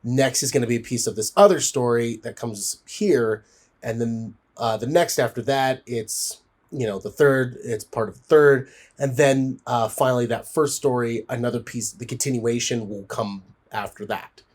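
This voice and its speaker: A man's voice: medium pitch, moderate pace, darkish tone. A man giving a casual spoken film review, rambling with frequent fillers and restarts.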